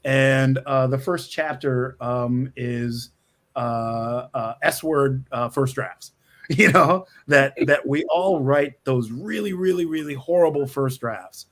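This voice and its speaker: Taking it slowly at a medium pitch, a middle-aged screenwriter talks from his office during a video-call interview. As the guest, he's an animated storyteller who restarts sentences frequently and laughs often.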